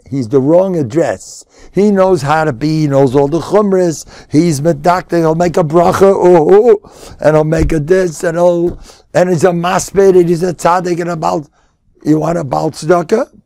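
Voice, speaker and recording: Older rabbi, slightly high gravelly voice, emphatic sermon delivery. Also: male voice, no room sound, studio quality. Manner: emphatic and repetitive, bursts to loud insistence. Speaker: rabbi giving a Torah lecture. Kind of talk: sermon-style Torah lecture.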